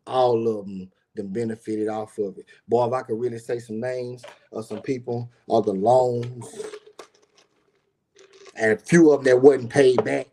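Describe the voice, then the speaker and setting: A man's voice: medium pitch, dark tone, a little hiss or hum. A middle-aged man casually telling a personal story as a podcast host, loose and conversational, with lots of "you know what I'm saying".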